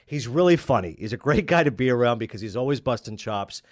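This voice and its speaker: A man's voice: mid-range voice, quick pace, no room sound, clean studio sound. A man from Canada, a guest on a radio show, telling stories and acting out what others said. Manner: lively storyteller who acts out others' lines. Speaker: sports anchor guest. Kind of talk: animated anecdotal radio storytelling. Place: radio studio.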